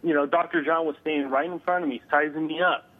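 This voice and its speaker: A man, a guest on an interview, telling a story over the phone, halting with many filler sounds. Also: on the high side, fairly even intonation. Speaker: guest paranormal investigator. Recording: tinny phone line.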